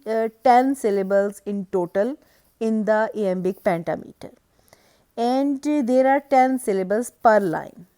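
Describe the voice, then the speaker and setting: Slow, mellow-voiced woman lecturing. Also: fairly high pitch, lively intonation. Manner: measured, explanatory, with hesitant fillers. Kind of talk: recorded lecture.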